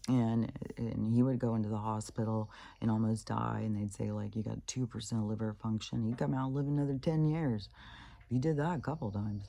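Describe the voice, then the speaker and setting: Gravelly, husky voice ranting casually. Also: medium pitch, moderate pace, warm tone. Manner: profane, ranting, frequent throat clearing. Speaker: spiritual vlogger. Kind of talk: rambling casual monologue.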